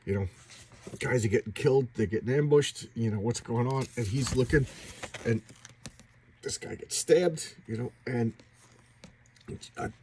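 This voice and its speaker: A man excitedly retelling a comic book story in a casual recap, acting out the characters and making boom sound effects. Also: measured pace, long pauses, a little hiss or hum.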